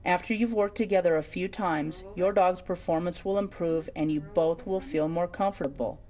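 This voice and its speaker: A woman narrating a training video in a calm, measured, scripted reading. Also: lowish voice.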